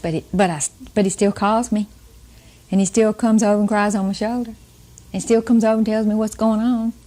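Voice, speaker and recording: Older female Bible teacher, warm and relaxed, folksy and chatty with frequent laughs. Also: mid-range voice. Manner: chatty, laughs often, asks the audience questions.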